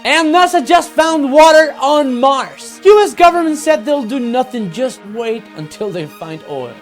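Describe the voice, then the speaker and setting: A man's voice: very high voice, animated, measured pace, soft background music. A man hosting a satirical comedy news show, delivering mocking, sarcastic punchlines. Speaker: host.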